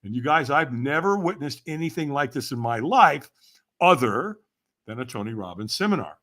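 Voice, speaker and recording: Older man telling a lively story. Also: mid-range voice, moderate pace. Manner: acts out quoted voices, laughs often. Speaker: podcast guest. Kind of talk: animated storytelling.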